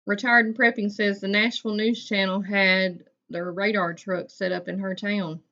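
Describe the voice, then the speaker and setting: Chatty woman, bright lo-fi voice. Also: medium pitch, level tone, normal speed. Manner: chatty, folksy, greets viewers by name. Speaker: livestream host. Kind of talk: casual chat with live viewers.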